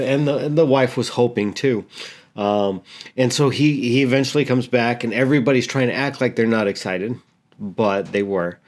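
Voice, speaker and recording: A man, a pastor, telling a story in a sermon, halting and repeating words earnestly. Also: mid-range voice.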